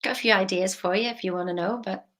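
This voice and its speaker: A woman, a money mindset coach talking casually, emphatic and chatty with soft intimate asides. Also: mid-range voice, steady tone, quick pace. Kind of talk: casual motivational vlog.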